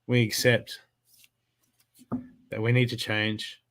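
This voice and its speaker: A man's voice: fairly low pitch, level tone, takes it slowly, fairly bright tone. A man giving a live spiritual card reading, talking in an emphatic, repetitive coaching way. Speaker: intuitive card reader.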